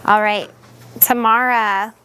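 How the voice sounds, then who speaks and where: A woman's voice: a little high, fairly even intonation, slow pace, pushed and bright, slight background noise. A woman teaching young students in a classroom, leading them patiently with repeated questions.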